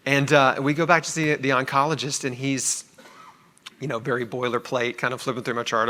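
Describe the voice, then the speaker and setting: A middle-aged man telling his own story to an audience in a chatty, animated way, acting out the people he quotes. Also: medium pitch, brisk. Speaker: cancer survivor sharing his story.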